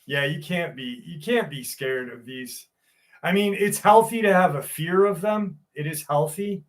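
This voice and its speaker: A man's voice: a little high, unhurried. A man hosting a live stream, chatting casually and reading viewer comments in a loose, jokey way with plenty of swearing.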